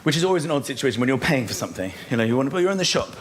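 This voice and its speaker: A man doing stand-up comedy as host, animated, laughing through his lines and acting out little voices. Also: mid-range voice, very fast, a little hiss or hum. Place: large theatre with live audience. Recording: echoey venue with loud audience laughter.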